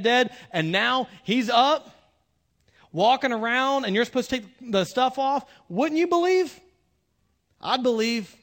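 A man preaching a conversational sermon with humorous asides, swinging between loud bursts and hushed moments. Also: very high voice. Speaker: pastor.

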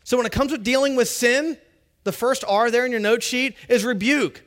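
A man preaching a sermon as pastor, conversational and animated, acting out little quotes. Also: very high voice, normal speed.

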